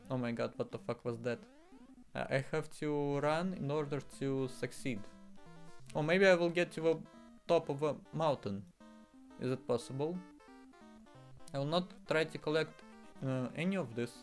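A man giving casual commentary while playing a video game, exasperated and swearing often. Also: medium pitch. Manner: exasperated, swearing, frequent exclamations. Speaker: gaming streamer.

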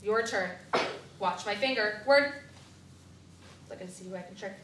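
A woman teaching first graders to blend words, with clear, directive prompts and counting down. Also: mid-range voice, measured pace, heavy background noise. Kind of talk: classroom reading lesson. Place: classroom. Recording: echoey classroom from far off, children around.

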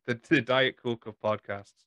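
A Scottish man in the middle pitch range hosts a casual podcast. He rambles loosely and laughs often, and the recording is dry, with no room sound. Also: steady tone, a little slow, fairly bright tone, no room sound. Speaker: podcast host.

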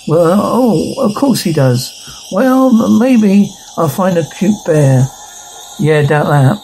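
A man reading a horror comedy episode aloud, speaking the dialogue and flatly reading out the sound cues in between. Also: sits high, vocal fry, slight background noise, poor audio.

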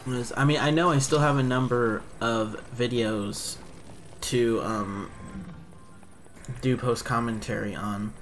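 A young man giving casual, rambling let's-play commentary, thinking out loud and poking fun at himself. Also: medium pitch, steady tone, slow, soft background music.

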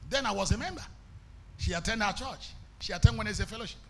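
A Nigerian man preaching a sermon as an evangelist, impassioned and breaking into shouts, with Pidgin mixed into his English. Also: high-pitched, animated, fast, creaky.

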